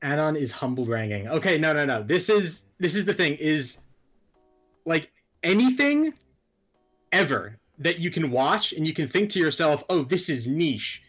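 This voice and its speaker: A man chatting casually about anime, jokey and argumentative, swearing often. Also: a little high. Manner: animated, jokey, swearing, quick to argue.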